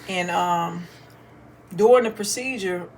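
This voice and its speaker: A woman's voice: on the low side, slow, darkish tone, a little hiss or hum. A middle-aged woman, the host's mother and a podcast guest, telling a family story in a matter-of-fact, casual way.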